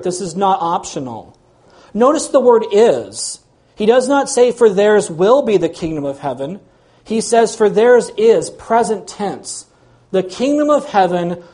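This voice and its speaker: A man's voice: sits high, darkish tone. A man preaching a sermon in an earnest, emphatic way. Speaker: pastor.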